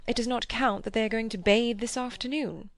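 A woman's voice: fairly high pitch, fairly even intonation, a little fast, dry recording, clean studio sound, pitched above the performer's own voice, natural voice. A woman reading as a chatty genial clergyman. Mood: amused. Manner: amused, talkative. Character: genial middle-aged male clergyman.

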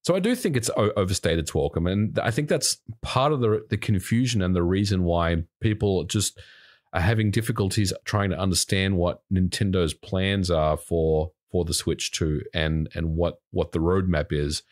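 A man's voice: low-pitched, moderate pace. A man who is a game developer, speaking as a guest in a casual podcast discussion and often restarting his sentences hesitantly.

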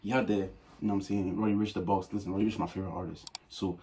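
Young Irish man, reaction host, quick slangy delivery, low warm tone. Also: flat delivery, a little hiss or hum. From Ireland. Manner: slangy, keeps saying "you know what I'm saying". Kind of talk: casual reaction commentary.

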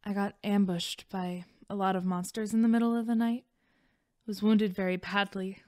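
A woman's voice: medium pitch, fairly even intonation, moderate pace, darkish tone, no echo, clean studio sound, close to an everyday voice. A woman voicing a guilt-ridden young warrior. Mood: troubled. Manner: earnest, uncertain confiding. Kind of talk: audiobook voice acting.

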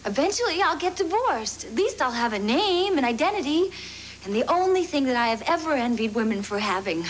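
A woman's voice: sits high, sing-song, a little fast, slight background noise, poor audio. A scared, wisecracking ex-womanizer. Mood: wry. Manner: pleading, tearful, wisecracking. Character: brash womanizer reborn as a scared young woman. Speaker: sitcom lead. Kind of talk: 1980s television sitcom acting.

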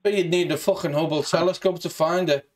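Scouse man, high-pitched, mouthy and sweary, mock hard man on a prank call. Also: steady tone, a little fast. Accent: Liverpool (Scouse). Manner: brash, sweary, mock-tough. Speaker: scambaiter.

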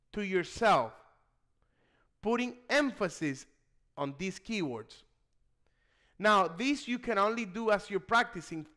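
A man with a high-pitched voice leads a video lesson for nursing exam students. He speaks with emphasis and often checks in with the listener. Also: fairly bright tone.

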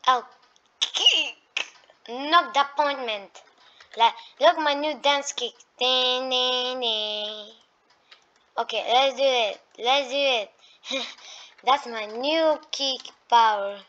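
Excitable woman narrating gameplay, dull mic. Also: sits high, slow. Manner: excitable, with sudden shrieks of alarm; talks to enemies as she plays. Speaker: gaming YouTuber. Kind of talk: let's-play gameplay commentary.

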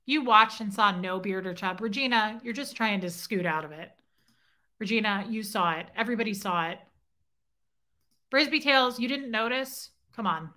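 A woman's voice: mid-range voice, moderate pace, bright, forceful tone. A woman hosting a casual livestream, chatting with viewers and reading their comments aloud, self-deprecating and teasing. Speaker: livestream host. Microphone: phone.

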